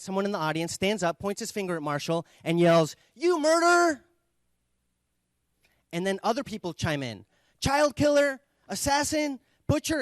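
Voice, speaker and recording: A man, a communication trainer, gives a measured, reflective talk with thoughtful pauses. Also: fairly high pitch, no room sound. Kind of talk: invited talk.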